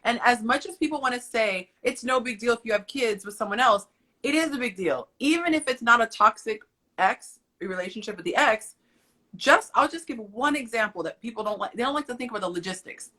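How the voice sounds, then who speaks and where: A woman's voice: fairly high pitch, lively intonation, a little fast, sharp tone. A woman arguing her views emphatically in a casual live conversation. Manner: emphatic, opinionated. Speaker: guest on a live stream.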